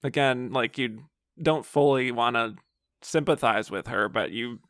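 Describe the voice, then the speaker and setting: A man's voice: mid-range voice, a little slow, fairly bright tone, no echo, clean studio sound. A man hosting a podcast, chatting casually about films with loose phrasing and lots of fillers. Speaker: podcast host. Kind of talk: casual film discussion.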